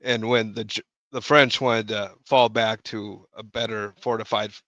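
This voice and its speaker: A man in his forties to fifties co-hosting a casual reaction podcast, chuckling often and pausing on lots of "uh"s. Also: fairly low pitch, level tone, a bit bright, no room sound, lo-fi sound. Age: 40s to 50s. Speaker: podcast co-host. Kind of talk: casual reaction-show banter.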